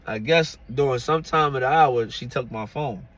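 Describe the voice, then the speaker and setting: Man, mid-pitched, casual storytime, chatty and laughing, lots of "you know what I'm saying". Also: moderate pace, fairly bright tone.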